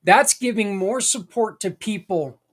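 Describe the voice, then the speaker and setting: A man's voice: high-pitched, measured pace, fairly bright tone. A middle-aged man hosting a podcast in a casual, folksy, rambling monologue. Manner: conversational, folksy, rambling with asides. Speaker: podcast host.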